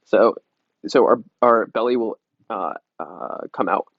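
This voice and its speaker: Man, yoga teacher, relaxed chatty guidance, dull dry lo-fi sound. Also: lowish voice, unhurried, dry recording. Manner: relaxed and chatty, jokes around, restarts often. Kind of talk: casual guided breathing lesson.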